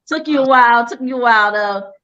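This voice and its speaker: A woman's voice: high voice, a bit bright, highs cut off. A woman hosting a casual online quiz show, playful and teasing with the players. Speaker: game show host.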